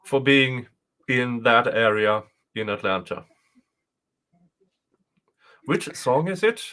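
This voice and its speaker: A man's voice: mid-range voice, lively intonation, takes it slowly, sharp tone, clear, resonant tone. A man with a Swedish accent hosting a casual livestream commentary, chatty and amused, often trailing off with fillers. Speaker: host.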